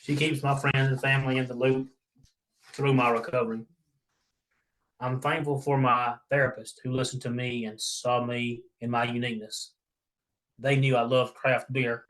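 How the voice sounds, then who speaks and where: A man's voice: medium pitch, little pitch movement, moderate pace, fairly bright tone, poor audio. A man who survived a stroke, reading his own story aloud in an earnest, grateful way. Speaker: stroke survivor, podcast guest.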